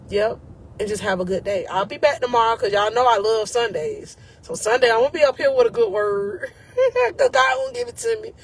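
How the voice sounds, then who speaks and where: A woman's voice: a little high, slightly rough. A woman life coach giving an emotional, encouraging faith talk to her viewers, casual and often close to tears.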